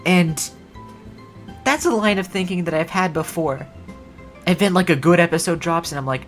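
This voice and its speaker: A woman's voice: fairly low pitch, normal speed, long pauses, faint music behind. A woman streamer chatting casually on a livestream, rambling in a wry, sarcastic way.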